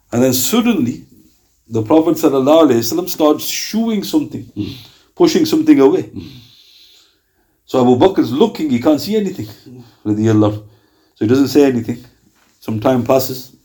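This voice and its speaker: A man preaching in a loose, conversational way. His voice is soft and mellow, and he jokes and chuckles as he acts out little scenes. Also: mid-range voice. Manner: lively, joking, laughs often, acts out dialogue. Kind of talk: informal religious talk.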